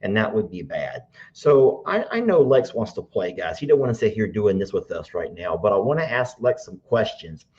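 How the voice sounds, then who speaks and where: A middle-aged man with a drawl hosts a casual live stream, his voice sitting low. He chats easily and coaxes answers out of people like a patient teacher. The sound is dull and lo-fi. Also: very animated, moderate pace, few pauses, darkish tone. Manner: chatty, teacherly, coaxing. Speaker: livestream host.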